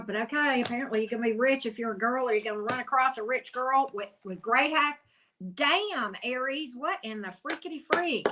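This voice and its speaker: A woman's voice: fairly high pitch, brisk, sharp tone, a little hiss or hum. A woman hosting a live tarot reading, chatting casually, greeting viewers by name and exclaiming at the cards.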